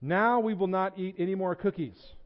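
An earnest, sensible storybook frog who lectures his friend about willpower, as a man reads him aloud. His voice sits a little high and emphatic. The recording is dull and lo-fi. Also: normal speed, lightly acted.

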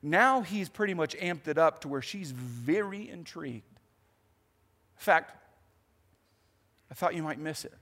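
A male pastor preaching a sermon in a church, telling the story in an animated, conversational way with asides. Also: on the high side, slow, pauses often. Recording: long hall reverb.

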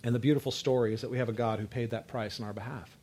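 A man preaches a sermon to a congregation in a conversational style, his husky voice very fast and steady in tone. He builds to emphatic rises, drops low and soft on key words, checks that listeners are following, and uses frequent fillers and restarts.

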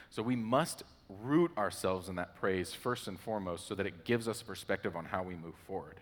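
A man's voice: deep voice, lively intonation, normal speed, few pauses, big-room sound. A man hosting a casual Christian talk, chatty and full of fillers. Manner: chatty, with many "like" fillers and laughs.

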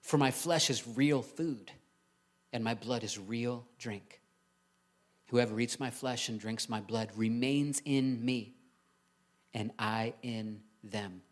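A man's voice: mid-range voice, slow pace. Man, pastor, sermon in church, chatty delivery, rhetorical questions to the congregation.

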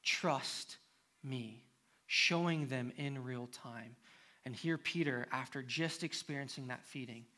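A man's voice: medium pitch, takes it slowly, bright, forceful tone. A man preaching a sermon as pastor, reading scripture aloud and then building to an emphatic, impassioned appeal. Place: church.

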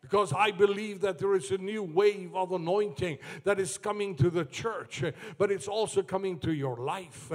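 A man preaching a sermon to his church, moving from slow, low passages up to shouted climaxes.

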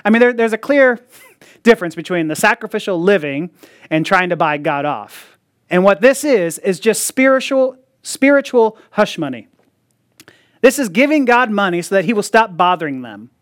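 A man preaches in a loose, chatty sermon style and slips into mocking voices when he quotes people. His speech is full of "like" and quick asides. The sound is dry and close, with no room echo. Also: sits high, big pitch swings. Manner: conversational, often acts out quoted voices with a mocking edge; frequent "like" fillers and laughs.

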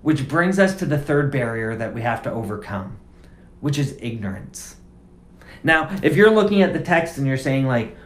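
This pastor's voice is medium-pitched and animated, moving at normal speed. His sermon feels casual and conversational, built on emphatic repetition. The recording carries a roomy echo.

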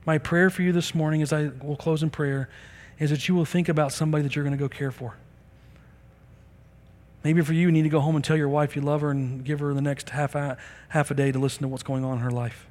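A man preaching a sermon in a church service, telling stories with animated delivery and acting out the people in them. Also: on the high side, fast talker. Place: church sanctuary during a service. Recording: long reverb of a large hall.

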